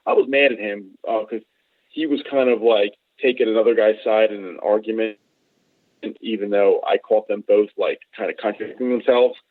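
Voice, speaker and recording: A man's voice: on the low side, no room sound. A man in a casual chat on a call, telling rambling stories and acting out the people in them. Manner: rambling, animated, acts out other people in quotes. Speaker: podcast guest. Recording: tinny phone line, dry.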